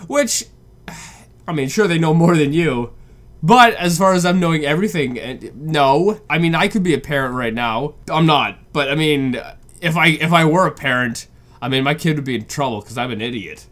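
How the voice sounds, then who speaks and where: A young man comments casually on a video, incredulous and rambling, with frequent restarts and repeated questions. His voice sits a bit high for a man. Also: expressive, moderate pace, fairly bright tone.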